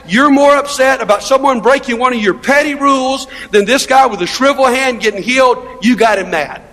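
Guy preaching in a big echoey church hall, keeps firing questions at the crowd, pretty high voice. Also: moderate pace, hardly any pauses, a bit bright. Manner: emphatic, conversational preaching with rhetorical questions. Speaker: pastor. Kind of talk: sermon. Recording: long reverb of a large hall.

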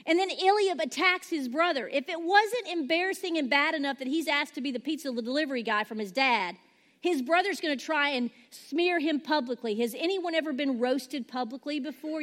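A woman pastor preaching a sermon, animated and acting out the quoted lines. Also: high voice.

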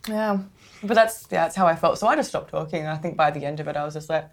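Australian woman co-host, chatty and self-mocking, slightly low pitch. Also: fast. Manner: chatty, self-deprecating, laughs often. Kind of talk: casual podcast chat.

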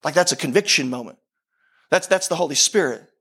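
A man with a high speaking voice gives a sermon in a loose, conversational manner. He often repeats his phrases to press a point home. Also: expressive, fairly quick, sharp tone, slightly rough. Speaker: pastor.

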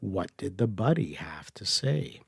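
A man's voice: sits low, very animated, unhurried, creaky, exaggerated voice. A man voicing a vain, decaying female succubus demon who taunts her victim. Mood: menacing.

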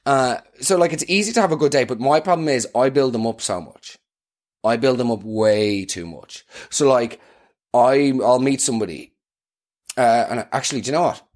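Young man, podcast host, comic storyteller; rambling, self-mocking, laughs a lot, mid-pitched voice. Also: moderate pace. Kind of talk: comedic storytelling.

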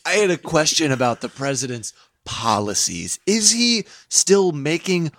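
A man playing a reporter at a press briefing in an improv comedy scene, halting and laughing between words. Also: on the high side, very animated, a bit bright, no room sound, clean studio sound, exaggerated voice. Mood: curious. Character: male reporter asking questions.

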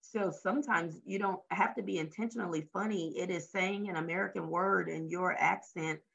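Interviewed casually as a guest, this talent development facilitator from Louisiana speaks with a Southern US accent. Her fairly low voice has vocal fry and a moderate pace, and the recording is muffled as she animatedly recounts stories, performing her workshop lines.

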